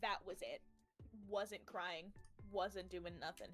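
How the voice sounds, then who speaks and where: Uma jovem com sotaque americano conta uma história de forma animada e cheia de palavrões, imitando as pessoas com vozes mais agudas. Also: female voice, slow pace, faint music behind. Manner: animated, acts out quoted people in higher voices, swears freely. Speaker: streamer. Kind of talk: casual storytelling on a game stream.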